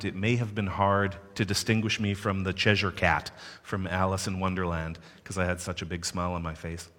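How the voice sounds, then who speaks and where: Deep-voiced man telling a story in a hall. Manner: animated, playful asides to the audience. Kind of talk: personal storytelling. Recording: long hall reverb.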